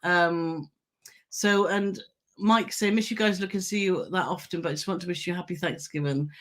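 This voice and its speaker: A woman's voice: on the low side, normal speed, fairly bright tone. A woman co-hosting a travel live stream, chatting casually and greeting viewers by name as she reads their comments.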